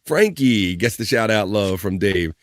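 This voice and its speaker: A man's voice: lowish voice, animated, measured pace, no echo, clean studio sound. A man hosting a live stream in a casual, playful way. He reads out viewer comments and jokes with the chat. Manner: playful, jokey, shouting out viewers by name. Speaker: live-stream show host.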